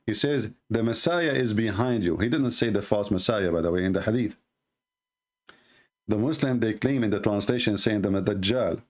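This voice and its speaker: A live debate show host who speaks Arabic natively and has an Arabic accent argues emphatically. He repeats phrases and slows down to underline points, with a voice on the low side that sounds a little mellow.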